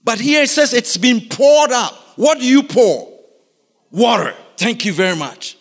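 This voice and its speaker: A man preaching a sermon in a lively, animated way, constantly putting questions to his congregation, in a church. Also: extremely high pitch, a little slow, gravelly. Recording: reverberant hall.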